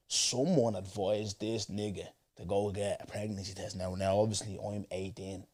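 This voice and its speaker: Guy hosting a pod, slangy and animated, loads of asides. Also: on the low side, normal speed, few pauses. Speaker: podcast host. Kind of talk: casual storytelling chat.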